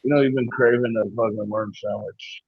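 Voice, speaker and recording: A man's voice: medium pitch, fairly even intonation, brisk, slightly rough, dry recording, recorded from a distance, muffled recording, faint music behind. A man making crude, teasing jokes in a casual stream chat. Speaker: guest on a stream.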